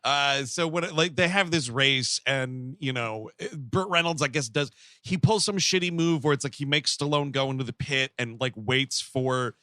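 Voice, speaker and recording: A man's voice: mid-range voice, sharp tone, dry recording, clean studio sound. A man co-hosting a comedy movie-review podcast, rambling and swearing as he retells scenes. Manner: rambling, swearing, acts out characters in quick bits. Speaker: podcast co-host.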